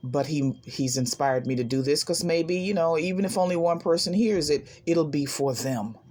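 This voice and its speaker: A woman hosting a self-help channel, talking in an animated, emphatic way and laughing often as she shares a spiritual monologue. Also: low-pitched, moderate pace.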